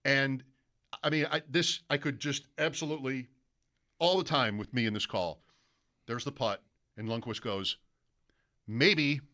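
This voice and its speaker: A male sports radio host telling a long anecdote in casual studio chat, animated and mimicking broadcaster calls. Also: medium pitch, moderate pace, pauses often.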